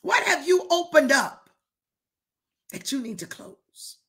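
A woman's voice: high-pitched, big pitch swings, slow, a bit bright. A woman bishop preaching a fervent sermon, firing rhetorical questions and calling out to listeners, sometimes dropping to a whisper.

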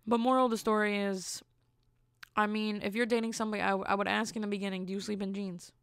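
In a smooth, mid-range voice and a quick pace, a young podcast host tells a dating story on her own, recorded at studio quality without echo. She's blunt and animated, performing the quoted lines as she goes.

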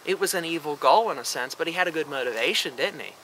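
A man rants in a sarcastic, swearing commentary with a very bright, cutting tone. His voice sits a little high for a man, and he keeps mocking what he criticizes. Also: big pitch swings, fast talker, few pauses, a little hiss or hum, poor audio. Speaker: vlogger. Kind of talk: ranting commentary.

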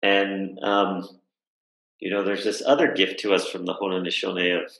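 A man's voice: deep voice, level tone, normal speed, gravelly, fairly bright tone, roomy sound, low-quality recording. A man speaking as a guest in a video-call conversation, telling a reflective story in a thoughtful way, with fillers and frequent rhetorical questions.

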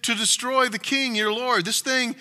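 A man voicing a bold young warrior who shouts mocking taunts across to an enemy camp from a hilltop. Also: steady tone, moderate pace, exaggerated voice. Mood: calling out. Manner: mocking, shouting high and loud.

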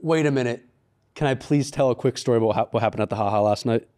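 A man co-hosting a casual studio podcast, telling an animated story and acting out the people in it. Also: medium pitch, quick pace. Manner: animated storyteller, acts out quotes in raised voice. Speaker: podcast co-host.

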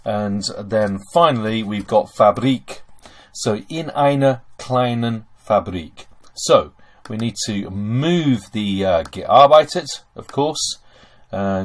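A man's voice: fairly low pitch, animated, slow pace. A man teaching German grammar over a screen recording, chatty and full of okays and fillers.

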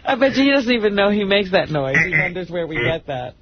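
A man co-hosting a radio show, mocking a caller with quick jokes. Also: sits high, big pitch swings, over a noisy crowd. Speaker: radio co-host. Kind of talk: casual radio banter. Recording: muffled radio with loud noise.

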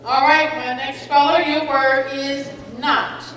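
A woman pronouncing spelling bee words slowly and clearly, with definitions and example sentences, encouraging each speller. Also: high voice, steady tone, a bit bright. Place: school gym or hall. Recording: echoey hall, far from the mic, faint crowd.

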